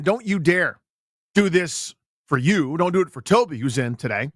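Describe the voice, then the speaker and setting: A man's voice: fairly high pitch, normal speed, dry recording. A male sports radio host telling stories in casual, playful banter into a studio mic. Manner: playful, storytelling, animated.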